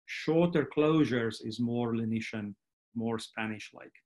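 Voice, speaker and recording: A man lectures at an online academic workshop, pitched in the middle range. He explains things step by step and keeps checking in with his listeners by asking "right?". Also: measured pace, darkish tone. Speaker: guest lecturer.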